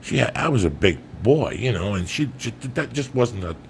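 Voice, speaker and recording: A man with a low, gravelly voice hosts a podcast and spins a long personal story. He swears constantly and jumps between loud bursts and quiet, hushed asides. A faint noise sits under the studio mic. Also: moderate pace. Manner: profane, animated storyteller who drops to hushed tones for quotes. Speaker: podcast host.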